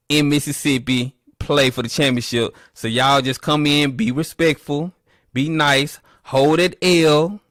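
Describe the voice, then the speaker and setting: A man hosting a casual livestream, reading the chat and trash-talking rival teams playfully, with loud animated bursts. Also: on the high side, no room sound, clean studio sound.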